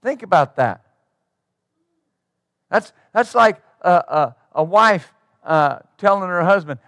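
A man's voice: high-pitched, animated, a little slow, long pauses, a bit bright, no echo, studio quality. A man preaching a sermon as pastor, emphatic and acting out the replies of the people he quotes.

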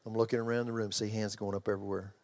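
A middle-aged man preaching a sermon in a church, with an altar call and an animated story told with yells and laughter. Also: on the low side, rapid-fire. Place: church hall.

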